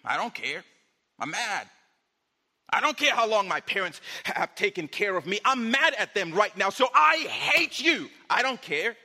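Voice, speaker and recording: A preacher putting on the voice of a furious man shouting defiantly that he doesn't care. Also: a little high, sing-song, normal speed, in a large hall, heavily acted.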